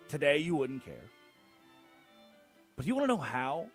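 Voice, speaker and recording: A man hosting a sports talk show, delivering a theatrical monologue full of sarcastic rhetorical questions and big swings in loudness. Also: mid-range voice, big pitch swings, normal speed, long pauses, soft background music. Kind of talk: animated monologue.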